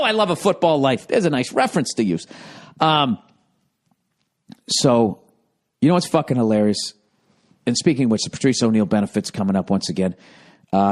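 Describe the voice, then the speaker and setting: A man's voice: on the low side, darkish tone. A middle-aged man telling stories in a casual, profane, rambling monologue with self-mocking asides. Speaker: comedian.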